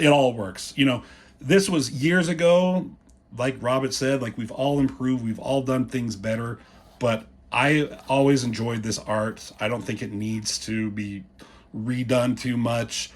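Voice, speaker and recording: A man's voice: medium pitch, slightly rough. A man casually walking through comic pages, rambling and swearing, acting out the characters' lines as he goes. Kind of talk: casual commentary.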